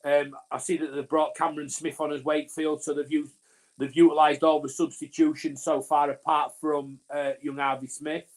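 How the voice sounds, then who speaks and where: Co-hosting a live fan watch-along of a rugby league match, this man from Northern England rambles through his commentary, restarting often, leaning on fillers and talking over his partner. He speaks at a moderate pace in a slightly high voice with a flat delivery.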